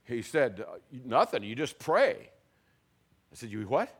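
An older man shares his testimony before an audience. His pitch rises and falls in lively swings. He drops to a hush and then bursts out loud as he talks. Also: unhurried, breathy edge. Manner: animated storyteller, swings from hushed to loud. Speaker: speaker giving testimony.

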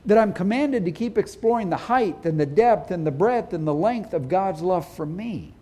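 A man's voice: high-pitched, expressive, normal speed, warm tone. A middle-aged man preaching a sermon as pastor, speaking earnestly and with emphasis.

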